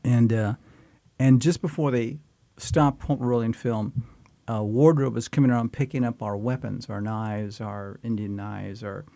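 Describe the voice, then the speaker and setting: A man's voice: medium pitch, fairly even intonation, unhurried, gravelly, warm tone, dry recording. An older man, a guest actor, telling a rambling, folksy story in casual conversation.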